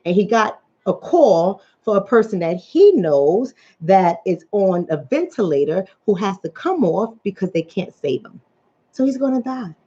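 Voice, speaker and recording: A woman from the New York and New Jersey area with that accent, hosting a casual livestream as a relationship coach and reading out viewer comments in an animated storytelling manner. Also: mid-range voice, a little slow, breathy edge. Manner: animated storytelling, acts out quoted voices. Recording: dull lo-fi audio.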